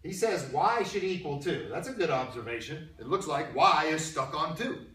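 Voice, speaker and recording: A man's voice: fairly high pitch, lively intonation, moderate pace, a bit bright, distant mic. A man teaching a math class in a casual, conversational way, often repeating words and firing questions at the students. His voice is picked up from across a roomy, echoing classroom. A faint hiss of noise sits under the recording. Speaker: math instructor. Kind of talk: classroom lecture.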